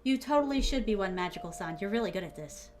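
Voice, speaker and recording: A woman's voice: medium pitch, lively intonation, quick pace. A young woman chatting casually with viewers as she writes live, reading her drafts aloud and giggling. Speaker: streamer writing live. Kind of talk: casual chat while writing.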